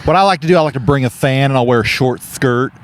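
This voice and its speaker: A man's voice: medium pitch, fast, close to an everyday voice. A man voicing a poor, folksy Southern cooking-show host who drawls and sweet-talks his viewers. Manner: drawling, sweet-talking, says y'all.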